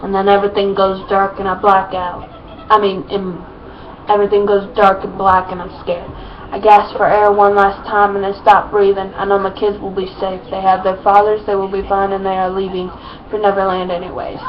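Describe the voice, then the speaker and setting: A woman's voice: medium pitch, completely flat delivery, normal speed. A woman reading her own story aloud in a plain, unpolished way, with small slips and restarts. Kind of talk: reading fan fiction aloud. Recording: muffled lo-fi with faint noise.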